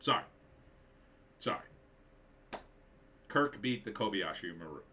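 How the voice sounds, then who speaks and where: Guy reading chat on his live stream, low voice with a bright edge, blunt and opinionated. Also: lively intonation, a little slow, slight background noise. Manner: blunt, dismissive, opinionated, many fillers.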